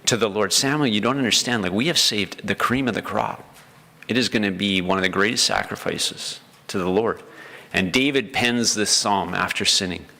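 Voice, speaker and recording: Man, pastor, sermon, lowish gravelly voice, bright edge, earnest. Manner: earnest, acts out the prayers of the story with feeling.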